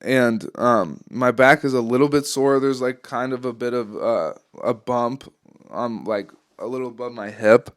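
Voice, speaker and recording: A man's voice: medium pitch, measured pace, clean tone, dry recording, clean studio sound. A young man hosting a podcast, telling a long story in a rambling, casual way, full of swearing and ums. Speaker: podcast host.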